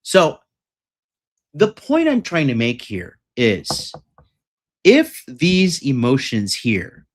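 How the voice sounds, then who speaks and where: A man's voice: mid-range voice, huge pitch swings, extremely slow, long pauses. A man coaching on dating and success in a ranting monologue, profane, boastful and combative.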